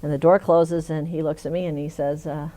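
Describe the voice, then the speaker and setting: A woman's voice: deep voice, flat delivery, brisk, warm tone. A middle-aged woman in an oral history interview, telling a funny story with frequent laughs. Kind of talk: conversational storytelling.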